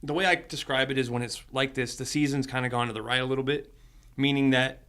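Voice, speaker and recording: Man, podcast co-host, casual chat, brash, opinionated, swears, bright tense tone. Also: mid-range voice, fairly even intonation, fast, smooth.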